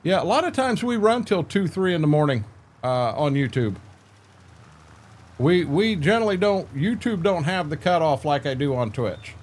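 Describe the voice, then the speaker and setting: A man's voice: fairly high pitch, expressive, normal speed. An older man chatting casually with viewers while streaming a farming game, laid-back and rambling, repeating words and filling gaps with "uh".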